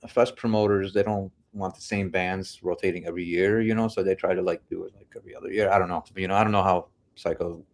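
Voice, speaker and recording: Laid-back low-voiced man, casual chat. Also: fairly even intonation, fast talker, few pauses. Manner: laid-back, heavy swearing, lots of "dude" and "man". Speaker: podcast guest, metal musician.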